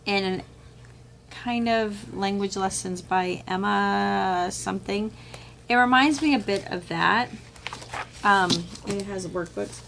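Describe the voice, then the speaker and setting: A woman's voice: medium pitch, slow pace, vocal fry, a little hiss or hum. Chatty middle-aged woman homeschool vlogger. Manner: chatty and animated, acts out quoted voices with laughs and whispers. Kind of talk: casual chat, showing a curriculum haul. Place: home room with children nearby.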